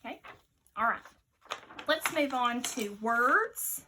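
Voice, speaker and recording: A woman teacher giving a slow spelling dictation to young children, patiently repeating each word with care. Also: fairly high pitch, noisy background.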